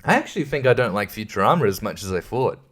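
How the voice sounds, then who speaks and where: A man's voice: fairly low pitch, sing-song, fast talker, a bit bright. An Australian man hosting a solo podcast, rambling casually with lots of swearing and stumbling restarts. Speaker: podcast host.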